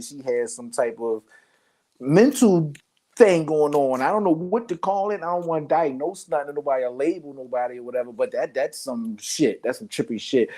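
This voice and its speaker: A man hosting a show, ranting for comedy in a loud, exclaiming, profane way, repeating lines for emphasis and jumping from low mutters to high outbursts. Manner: loud exclaiming, big pitch swings, profane. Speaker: host. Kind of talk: comedic rant.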